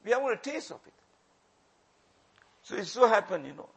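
Husky, impassioned male preacher. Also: high voice, sing-song, fairly quick. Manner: impassioned, repeats phrases for emphasis, swings from loud to hushed. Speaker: religious preacher. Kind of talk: sermon.

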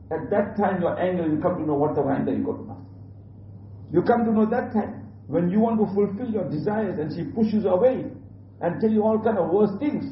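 A man's voice: sits high, slight background noise. A man giving an earnest religious sermon, repeating his points and mixing in Urdu religious terms. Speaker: preacher. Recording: distant, roomy, dull lo-fi recording.

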